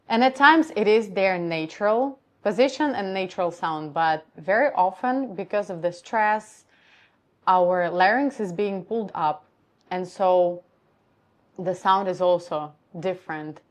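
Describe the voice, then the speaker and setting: A woman voice coach giving a live-streamed lesson on how the voice works, explaining calmly and step by step. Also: medium pitch, unhurried.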